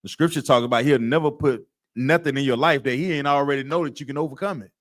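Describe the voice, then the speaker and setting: A man's voice: mid-range voice, quick pace. A man teaching a scripture class in an emphatic, streetwise, repetitive way. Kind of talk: preaching-style class lecture.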